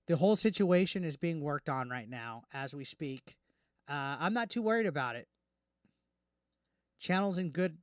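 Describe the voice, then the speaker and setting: A man hosting a reaction commentary, ranting indignantly and quickly, tripping over restarts as he talks. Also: fairly high pitch, clean tone, dry recording, clean studio sound. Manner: heated, indignant, fast with repeated restarts. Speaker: YouTube commentary host.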